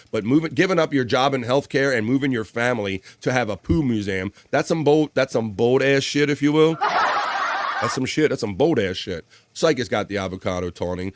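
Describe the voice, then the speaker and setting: A man's voice: medium pitch, a little hiss or hum. A man hosting a live stream, joking loosely and cursing often as he reads viewer comments and news stories aloud. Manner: loose, profane, joking banter with frequent laughs.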